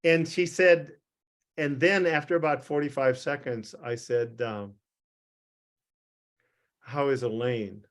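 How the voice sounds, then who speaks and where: A man's voice: fairly high pitch, fairly even intonation, a little slow. An older man, a physician, telling a rambling, self-deprecating anecdote to a group on a video call, with frequent restarts and chuckles.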